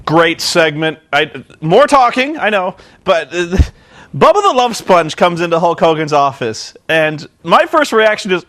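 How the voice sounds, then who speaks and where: A man's voice: on the high side, expressive, normal speed, fairly bright tone. A man casually recapping wrestling in a rambling, sarcastic, profane way with lots of ums and uhs. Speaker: vlogger reviewing wrestling.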